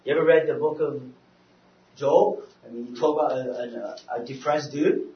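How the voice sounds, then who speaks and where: A man giving a sermon with a personal story. He often stumbles and repeats words, and swings between loud urging and quiet confession. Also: medium pitch, steady tone, normal speed. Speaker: speaker on depression, preacher. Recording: roomy, distant, dull-sounding hall recording.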